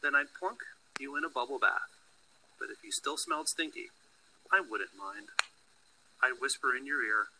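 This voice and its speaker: Gentle storyteller, a man with a bright husky voice reading to a child. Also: medium pitch, lively intonation, normal speed, long pauses, low-quality recording. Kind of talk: reading a picture book aloud.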